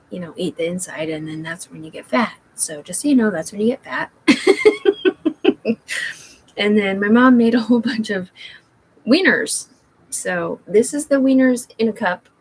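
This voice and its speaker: A woman's voice: lowish voice, a little hiss or hum, rough recording. A woman rambling to her viewers from home, drifting between topics with plenty of fillers and restarts. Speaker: vlogger talking to viewers. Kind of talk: rambling livestream chat.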